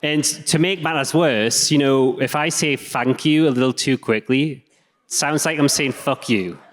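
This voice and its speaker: A man's voice: fairly high pitch, normal speed. A man with an English accent giving a self-deprecating, conversational live talk. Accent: English regional. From England. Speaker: speaker. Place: stage in a hall. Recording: echoey hall.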